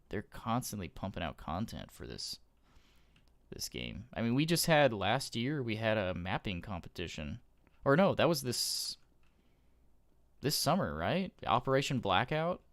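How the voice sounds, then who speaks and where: A man giving casual gameplay commentary, gushing with awe and often trailing off into soft murmurs. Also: lowish voice. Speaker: gaming YouTuber.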